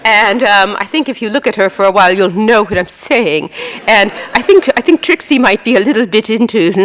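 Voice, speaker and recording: A New York author in her 60s gives a storytelling talk with slides and a reading before an audience in an event hall. Her mid-range voice carries a big-room sound, and she tells wry stories in a lively, chatty, self-mocking way, full of fillers and quick voiced asides.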